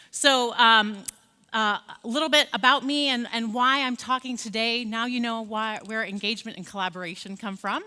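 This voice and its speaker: Bright-voiced American woman giving a keynote. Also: medium pitch, big-room sound. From Scotland. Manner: friendly, conversational, many fillers and restarts. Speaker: keynote speaker. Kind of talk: conference keynote lecture. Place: large conference hall.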